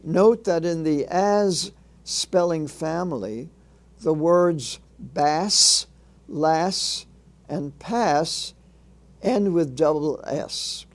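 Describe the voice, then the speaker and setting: A man narrating a phonics lesson in a measured instructional way, sounding out letters and sounds one by one. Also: on the high side. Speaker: reading teacher.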